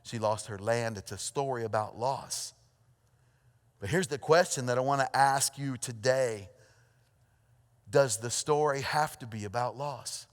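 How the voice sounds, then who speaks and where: A pastor preaching a sermon, telling a story with lively energy, then dropping to a hushed, earnest tone. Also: male voice, mid-range voice, a little slow. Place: church auditorium. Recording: long hall reverb.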